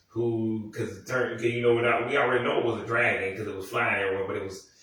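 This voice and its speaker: A man in his early thirties talks his way through an episode recap in loose, rambling bursts, swearing freely and looping back with "anywho." His voice is bright and forward, and it sits far from the mic in a very echoey room. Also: mid-range voice. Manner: rambling, meandering, profane, frequent "anywho" asides. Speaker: show recap host.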